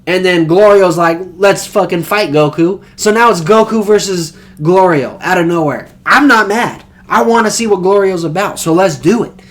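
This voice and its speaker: A young man casually recapping an anime episode, rambling and excited, with slang and swearing. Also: high voice, normal speed. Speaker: anime reviewer.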